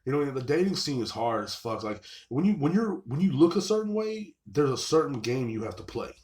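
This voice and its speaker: A man talking straight to camera on his own show, rambling and cursing as he vents. He leans on sarcasm and keeps circling back with filler phrases. His voice sits at an ordinary middle pitch for a man. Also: very animated, brisk, darkish tone. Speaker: show host. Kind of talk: casual monologue vlog.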